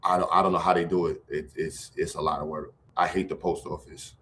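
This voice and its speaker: A man's voice: extremely low pitch, flat delivery, fairly quick, fairly bright tone. A middle-aged man, talking casually and loosely in slang, full of restarts, as a guest on a livestream. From Brooklyn, New York. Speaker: guest, educator running a program.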